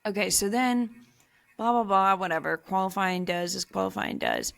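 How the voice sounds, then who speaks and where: A woman's voice: mid-range voice, normal speed, gravelly. A young woman co-hosting a podcast, chatting casually and telling stories with laughter. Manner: chatty, laughing, animated storytelling. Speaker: podcast co-host. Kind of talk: casual chat.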